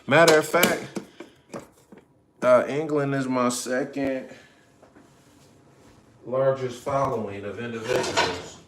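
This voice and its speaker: A man's voice: medium pitch, steady tone, slow, pauses often, echoey room, background noise. A man hosting a casual livestream from his home kitchen, chatting easily with viewers while he cooks. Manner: laid-back, chatty, talks to viewers in chat. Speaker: livestream host.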